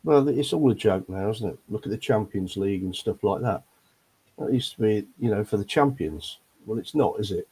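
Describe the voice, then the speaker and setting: Older bloke on a fan panel, low husky voice, kinda dark, rambles with lots of ums. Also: male voice, expressive, normal speed. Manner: grumbling, rambling with many ums. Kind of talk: casual football chat.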